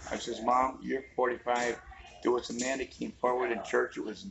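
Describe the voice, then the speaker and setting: A man's voice: medium pitch, level tone, normal speed, vocal fry, muffled recording. A man, telling joking, folksy stories in a casual roadside chat. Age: 50s. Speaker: interviewee. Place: roadside outdoors. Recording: crowd chatter behind.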